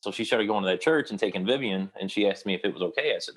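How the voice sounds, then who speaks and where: Young man, very low voice, rambling storyteller, interview guest. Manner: rambling, with many restarts and pauses.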